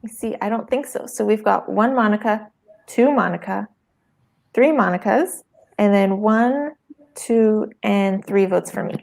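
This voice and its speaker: A woman comedian on a comedy game show, making a wry, deadpan pitch with dry asides. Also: unhurried, gravelly. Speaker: comedian panelist and co-host.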